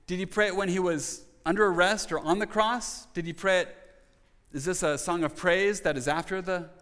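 A man's voice: a little high, fairly bright tone, long reverb tail. A man preaching a sermon as a pastor, asking his congregation rhetorical questions and restarting his phrases as he stresses his points.

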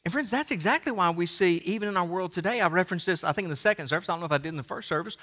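A man's voice: sits high, animated, racing, bright, forceful tone. A man preaching a sermon as pastor, earnest, often repeating words as he builds a point.

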